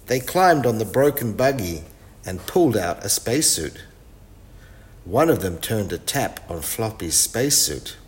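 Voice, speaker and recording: A man reading a children's storybook aloud in a clear, expressive way. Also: on the low side.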